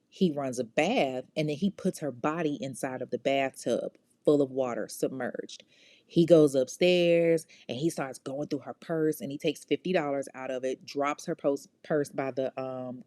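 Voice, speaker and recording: Low-voiced woman telling a crime story. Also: dark tone, no room sound, studio quality. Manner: casual, slangy, profane, talks to listeners directly. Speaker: podcast host.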